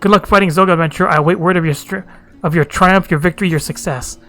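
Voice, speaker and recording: A man's voice: high-pitched, steady tone, fast, a bit bright, soft background music. A man voicing a wailing, self-pitying male kobold that repeats itself in strings of synonyms. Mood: fawning.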